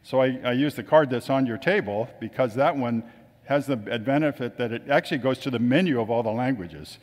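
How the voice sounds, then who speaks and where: A man with a medium-pitched, darkish voice tells casual stories to an audience at a slightly fast clip, imitating the voices of those he quotes. The recording carries the long reverb of a hall.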